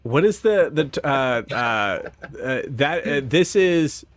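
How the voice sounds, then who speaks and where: A man's voice: on the high side, very animated, no echo. A man narrating a tabletop game as game master, stumbling over fillers and laughing often. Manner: halting, full of fillers and laughs.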